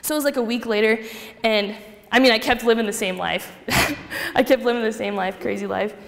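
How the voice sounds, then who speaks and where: A young woman giving a personal faith testimony to a group, telling her story with lively acted-out dialogue. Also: fairly high pitch, moderate pace, vocal fry. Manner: animated storytelling, acting out quoted dialogue. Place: hall with a group. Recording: long reverb of a hall.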